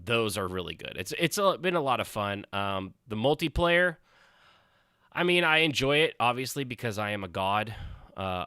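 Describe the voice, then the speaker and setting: A man's voice: on the low side, sharp tone, clean tone, dry recording, clean studio sound. A man hosting a podcast in casual chat, rambling and swearing freely. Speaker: podcast host.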